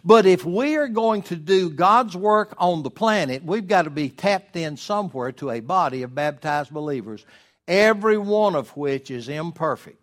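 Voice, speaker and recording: A male pastor, preaching a sermon emphatically, with rhetorical questions and slowed words for stress. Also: fairly high pitch, expressive.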